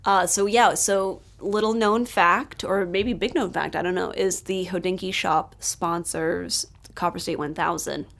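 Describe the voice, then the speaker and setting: A woman from Charleston, chatting as a podcast guest in an animated storytelling way, with lots of "like.". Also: lowish voice, unhurried, vocal fry. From Charleston, South Carolina, US. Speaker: podcast guest, special projects lead. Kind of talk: casual chat.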